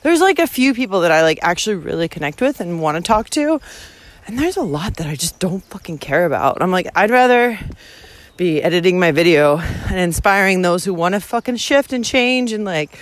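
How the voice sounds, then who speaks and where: A woman ranting into her phone as she walks an outdoor trail. Her voice swoops up and down with lively energy, and she swears constantly. She laughs often as she goes. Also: fairly low pitch, a little fast. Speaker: vlogger. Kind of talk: casual walking vlog. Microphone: handheld phone.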